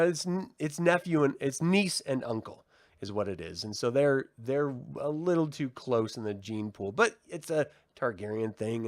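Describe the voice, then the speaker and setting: A man casually recapping and reviewing a TV episode with animated retelling and frequent ums and uhs. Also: mid-range voice, no room sound, clean studio sound. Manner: animated retelling, hesitant fillers.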